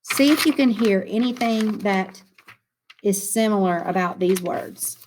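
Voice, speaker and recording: A woman teaching a phonics lesson to young children, with an encouraging, sing-song classroom manner and slowly drawn-out words. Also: mid-range voice, darkish tone, slight background noise.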